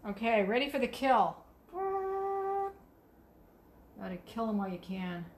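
A woman's voice: mid-range voice, a little fast, a little hiss or hum. A woman potter teaching a wheel demo on a livestream, chatting playfully as she works the clay. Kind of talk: live demo talk while working at the wheel.

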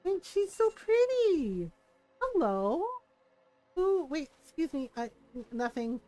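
A woman's voice: sits high, big pitch swings, slow, warm tone, soft background music. A woman streaming a game live, bubbly and giggly, rambling and joking at her own expense. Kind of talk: live gameplay commentary.

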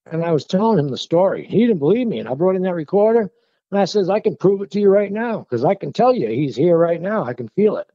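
A man telling a personal story in a casual, animated, conversational way to a host. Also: high-pitched, fast, dry recording. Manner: animated, conversational, working-class phrasing. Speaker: guest telling his encounter. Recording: dull lo-fi call audio.

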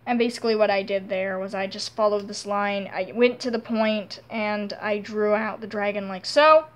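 A young woman giving a casual, rambling drawing tutorial, self-deprecating and quickly frustrated with her own sketch. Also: mid-range voice, steady tone.

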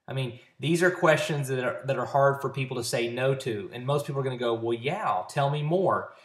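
An earnest man coaching his sales team in a casual talk to camera, recorded at home. His voice sits at an ordinary middle pitch. The room gives it a noticeable echo. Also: steady tone, quick pace, fairly bright tone. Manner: earnest and encouraging, coaching with practical tips. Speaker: network marketing trainer. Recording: roomy echo.

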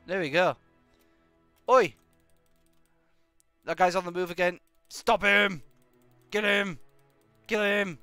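While playing a game on a live stream, a man offers sarcastic, joking commentary, animated and punctuated by exclamations. He speaks slowly with long pauses, in a high, clear, resonant voice. There's no echo, just faint background music.

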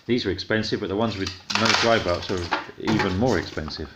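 A man's voice: deep voice, brisk. A man chatting casually as a vlogger, explaining things as he unboxes and assembles a scooter with his child at home. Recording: dull lo-fi audio with steady noise.

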